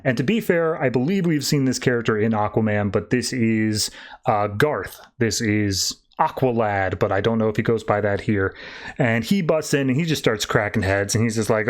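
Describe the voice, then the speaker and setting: A man's voice: medium pitch, normal speed. A male podcast host loosely retelling a comic book story in casual chat, paraphrasing the characters as he goes.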